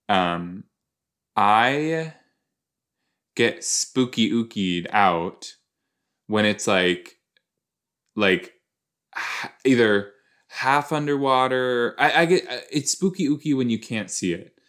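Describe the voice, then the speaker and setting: A man's voice: mid-range voice, animated, slow, pauses often, fairly bright tone. A man hosting a podcast, rambling playfully and reacting casually to an episode as he watches, with silly made-up words. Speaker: podcast host.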